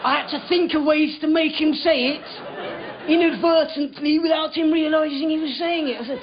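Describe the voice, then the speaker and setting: Dry sarcastic comic doing stand-up, highish voice, lo-fi club recording with the crowd laughing behind. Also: male voice, fairly even intonation, normal speed, noisy background. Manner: dry, sardonic, acts out dialogues. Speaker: stand-up comedian. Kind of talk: stand-up comedy set. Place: comedy club stage. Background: audience laughter.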